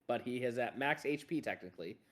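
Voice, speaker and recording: A man runs a tabletop game as dungeon master. He talks in a relaxed way and fills his pauses with "uh" as he narrates and calls for rolls. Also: medium pitch. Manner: relaxed, with frequent filler pauses.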